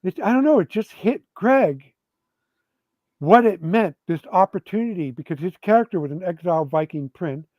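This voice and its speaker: Man, game designer guest, animated rambling storyteller, high voice, dry lo-fi sound. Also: moderate pace, no room sound. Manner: animated, rambling, with frequent restarts. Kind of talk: storytelling in a casual interview. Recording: dull lo-fi sound.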